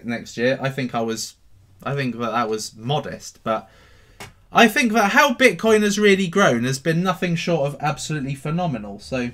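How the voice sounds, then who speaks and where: Animated man hosting a stream. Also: on the high side. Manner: animated and cheeky, swinging between loud bursts and mutters. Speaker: crypto livestream host. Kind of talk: casual livestream chat, answering viewer questions.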